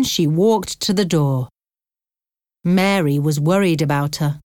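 A woman narrating an audiobook in a slow, clear reading style. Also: deep voice, darkish tone, no echo, clean studio sound.

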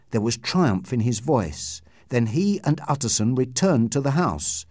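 A man reads a story aloud in an expressive, scripted style. His pitch moves in a very lively way, and the recording is dry and close. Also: unhurried, dry recording. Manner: expressive, acts out dialogue. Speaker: audiobook narrator.

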